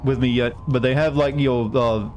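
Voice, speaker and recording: A man's voice: mid-range voice, fairly even intonation, brisk, darkish tone, faint music behind. A male streamer giving casual, rambling gameplay commentary while chatting with viewers. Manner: chatty, rambling, many restarts.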